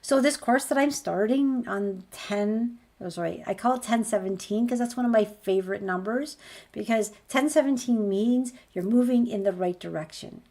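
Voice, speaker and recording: A spiritual healer woman speaks to her followers in a sincere motivational tone. She repeats her points and piles up rhetorical questions, her voice sitting slightly higher than most women's. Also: normal speed, mellow. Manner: earnest, repetitive, rhetorical questions. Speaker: spiritual healer promoting a course.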